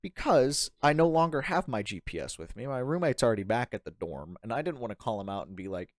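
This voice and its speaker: This podcast guest, a young man, has a medium-pitched voice and a brisk delivery. Chatting casually, he rambles through a story with lots of laughter and acts out the quoted lines with animation. It's studio-quality audio without any room sound.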